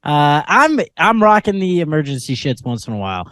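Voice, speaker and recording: A man's voice: a little high, big pitch swings, fairly quick, fairly bright tone, clean tone, no room sound, studio quality. A young man co-hosting a comedy podcast, teasing his friend in casual chat and laughing often. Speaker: podcast co-host.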